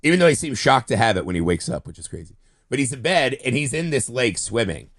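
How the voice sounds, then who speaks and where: Animated man recapping a movie. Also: medium pitch, fast. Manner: animated retelling of scenes with acted-out quotes and laughs. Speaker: podcast co-host. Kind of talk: casual movie podcast chat.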